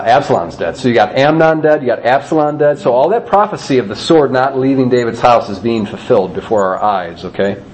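Guy teaching a bible story, chatty and lively, reads verses out, mid pitch, bit of faint background noise. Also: poor audio. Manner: animated storytelling with readings.

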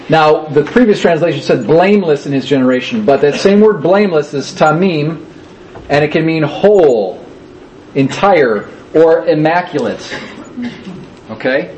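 A fairly high-pitched man teaches a scripture class, picked up from across an echoey room. He explains each passage patiently and lingers on key words, repeating them to drive the point home. A faint hiss sits under the recording. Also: animated, moderate pace, darkish tone. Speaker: Bible study teacher. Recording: echoey room, distant mic, faint noise.

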